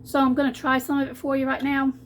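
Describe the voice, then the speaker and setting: A woman talks fast in a high-pitched, completely flat voice while filming a cooking vlog in her home kitchen. She's chatty and folksy, frequently starts over, and a bit of background noise is audible.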